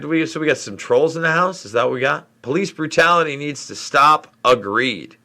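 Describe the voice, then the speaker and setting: Man, middle-aged, from New York State, livestream host, frustrated rambling delivery, bright forceful voice. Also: on the high side, normal speed, few pauses. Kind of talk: live Q&A stream reading chat.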